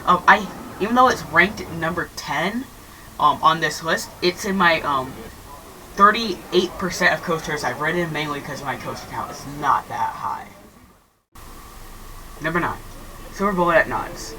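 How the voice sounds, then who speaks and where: A woman talking through her roller coaster rankings in a casual vlog, halting often with fillers and restarts. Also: low-pitched, expressive. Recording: distant mic with faint background noise.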